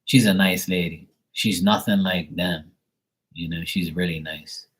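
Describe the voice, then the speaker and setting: Blunt, profane man in casual chat; deep and husky. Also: steady tone, unhurried, a bit bright, rough recording.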